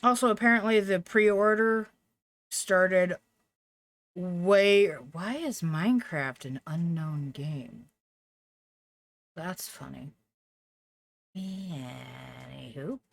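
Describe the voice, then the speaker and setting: A woman's voice: on the low side, takes it slowly, pauses often, no echo. A woman chatting casually and rambling through side remarks while live-streaming a game from home. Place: at home with a dog. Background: game music with cello and violin.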